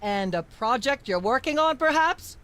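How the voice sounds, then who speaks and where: Picture a snooty talk show hostess from a comedy video game, with a high voice. She talks down to her guests in a prim, lecturing way. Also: animated, normal speed, fairly bright tone. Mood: condescending. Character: haughty female talk show host.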